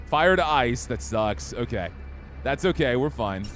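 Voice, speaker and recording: A man's voice: medium pitch, lively intonation, measured pace, fairly bright tone, faint music behind. A young man streaming a game, chatting casually and easygoing with his viewers. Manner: easygoing, chatty, talks to chat. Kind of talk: casual gameplay chat.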